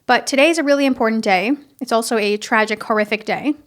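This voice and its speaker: A young woman hosting a casual, heartfelt podcast, talking earnestly and haltingly, with many restarts and fillers. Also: on the high side. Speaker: podcast host. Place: home in Florida.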